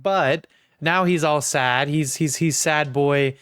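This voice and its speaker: A man's voice: fairly high pitch, slow, a bit bright, clear, resonant tone, dry recording, studio quality. A man co-hosting a podcast, casually and enthusiastically discussing a film. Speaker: podcast co-host. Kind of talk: casual movie review chat.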